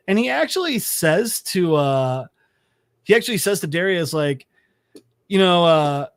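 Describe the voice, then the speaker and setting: Animated man recapping a comic, higher voice. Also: measured pace, no echo. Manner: animated storyteller, swears freely, laughs at his own asides. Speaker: podcast co-host. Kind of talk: casual podcast chat recapping a comic.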